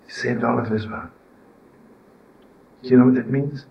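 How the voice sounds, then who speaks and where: An older man giving an informal religious teaching, telling stories and asking "right?" and "you know?" to his listeners, rising to loud scolding when he acts out a harsh inner voice. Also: medium pitch, steady tone, measured pace, vocal fry, muffled recording, background noise. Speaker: rabbi and storyteller.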